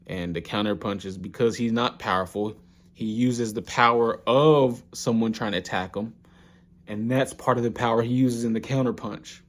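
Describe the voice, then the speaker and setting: A man casually recapping an anime episode, telling it with animated slang. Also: mid-range voice, normal speed.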